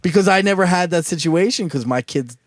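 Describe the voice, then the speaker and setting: A man's voice: high voice, brisk, no echo, clean studio sound. Easygoing man in casual podcast chat. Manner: easygoing, reflective, self-correcting.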